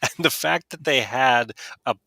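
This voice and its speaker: Bright, dry-voiced enthusiastic fan host. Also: male voice, medium pitch, a little slow, gravelly, no echo. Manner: upbeat, fan enthusiasm, many restarts. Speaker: podcast co-host. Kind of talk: casual panel chat.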